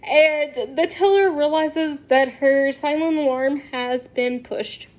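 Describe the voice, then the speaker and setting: A woman's voice: high-pitched, takes it slowly. A woman vlogger telling a story to her viewers in a chatty way, often laughing as she talks. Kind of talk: casual storytelling to camera.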